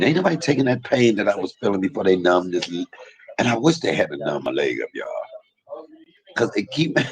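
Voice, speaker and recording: A man live-streaming from a hospital emergency room bed, talking in an animated, preachy way and repeating himself as he speaks to his viewers. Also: fairly low pitch, creaky, rough recording. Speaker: livestream host. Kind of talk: casual live stream talk.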